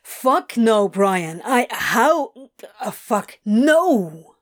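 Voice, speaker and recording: A woman voicing a swearing, exasperated male demon who talks loudly and frantically. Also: fairly high pitch, very animated, extremely slow, heavily acted. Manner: loud, exasperated, cursing.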